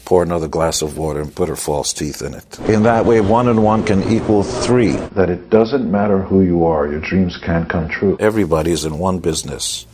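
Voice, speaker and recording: A man with a very deep, low voice gives motivational advice in a blunt, brash way. He is a rock musician and businessman, and he jokes as he talks. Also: fairly quick, hardly any pauses, background noise. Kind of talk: motivational interview talk.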